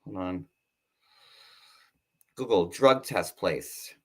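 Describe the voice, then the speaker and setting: A man hosting a casual livestream, chatty and sarcastic, filling his talk with "like" and quick asides. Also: low-pitched, fairly bright tone. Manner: chatty, sarcastic, full of "like" fillers. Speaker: host.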